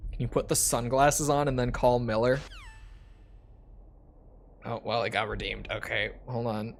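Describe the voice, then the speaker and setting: A man's voice: medium pitch, flat delivery, unhurried, creaky, slight background noise. Young man streaming, joking and swearing. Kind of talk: casual live-stream chat.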